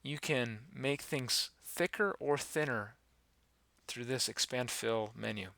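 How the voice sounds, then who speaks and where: A man giving a relaxed, rambling software tutorial, talking through each step with many fillers. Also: medium pitch, takes it slowly, vocal fry, no room sound. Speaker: animation instructor. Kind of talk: screen-recorded software tutorial.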